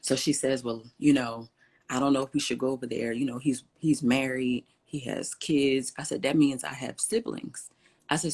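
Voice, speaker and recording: A woman guest in an interview, telling a personal story with lively, acted-out dialogue. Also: extremely low pitch, normal speed, breathy edge. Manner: animated storyteller, acts out quoted dialogue.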